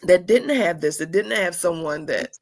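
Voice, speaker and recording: A woman hosts a heartfelt talk. Her voice is gravelly, and it sounds close and dry. She talks with deep emotion, hovering near tears. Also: animated, moderate pace, no room sound. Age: 40s. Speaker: host. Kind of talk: casual chat.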